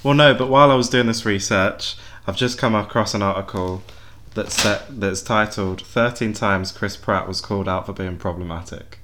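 Low-voiced man, chatty host. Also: normal speed, hardly any pauses, bright, forceful tone, slight background noise. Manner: rambling, repeats words while gathering thoughts. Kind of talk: casual chat.

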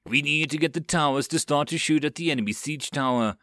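A man voicing a gruff mercenary captain who barks orders, in a dry audiobook reading. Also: a little high, fairly quick, pushed and bright, no echo, pitched above the performer's own voice. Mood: commanding. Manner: barking orders.

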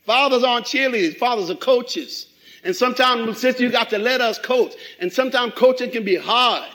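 High-voiced man preaching with animated fervor. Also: moderate pace, low-quality recording. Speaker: pastor. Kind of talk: sermon.

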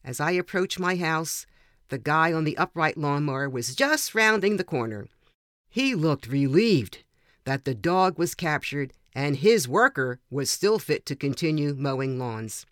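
Older woman, author, reads a personal anecdote in a measured, gentle manner with a dry close mic. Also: sits low, animated, no echo. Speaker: author reading her own story. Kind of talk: personal story reading.

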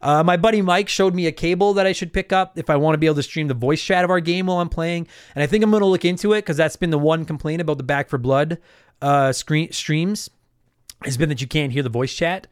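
A man hosting his own podcast in casual solo chat, animated and emphatic, swearing freely as he talks. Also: fairly high pitch, quick pace, smooth, no echo, clean studio sound. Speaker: podcast host.

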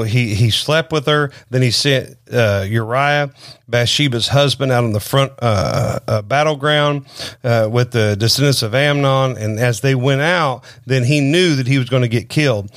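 Man, preacher, earnest conversational sermon, medium pitch, fillers and restarts, dry recording. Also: a bit bright, no room sound. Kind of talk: informal sermon podcast.

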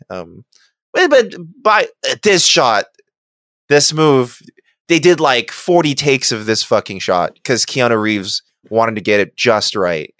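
A man's voice: mid-range voice, slow pace, no room sound, studio quality. A man in casual movie commentary, swearing freely and laughing often as he talks. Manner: profane, animated, laughs often.

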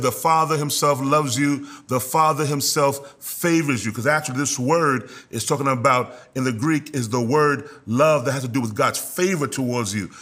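A man of middle pitch preaches a sermon as pastor, drawing his listeners into call-and-response. He stretches out important words for weight and climbs into loud, high-pitched exhortation. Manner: slows down to stress key words.

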